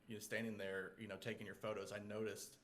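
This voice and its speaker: A man co-hosting a podcast, chatting in a relaxed, reflective way. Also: fairly low pitch, fast talker, a little hiss or hum. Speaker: podcast co-host and photographer. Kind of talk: casual chat.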